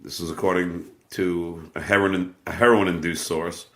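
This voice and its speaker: A man's voice: deep voice, steady tone, moderate pace, a bit bright, roomy sound. A man hosting a live show, talking casually and crudely and taking an unexpected call. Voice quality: crude, joking. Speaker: show host taking calls.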